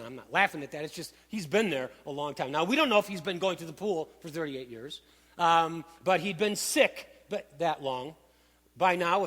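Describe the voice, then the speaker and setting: A man preaching a sermon, emphatic and animated, with dramatic asides. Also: on the high side. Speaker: pastor. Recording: long hall reverb.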